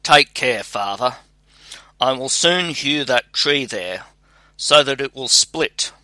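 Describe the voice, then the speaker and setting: A clever, patient young scholar and son, calm and reassuring, as a man reads him aloud in a storybook. The voice sounds bright and slow, and the sound is dry. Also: mid-range voice, no echo, full character voice.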